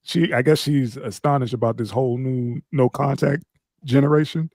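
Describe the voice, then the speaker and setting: A man's voice: mid-range voice, darkish tone, dry recording. Brief: man, podcast co-host, casual banter, easygoing with stammered restarts. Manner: laughing, agreeable, halting restarts.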